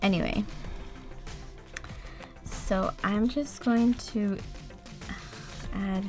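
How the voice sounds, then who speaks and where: A young woman from the United States in a casual unboxing chat, chatty and gushing, with excited gasps and laughs. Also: medium pitch, drawn-out words, faint music behind. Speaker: vlogger.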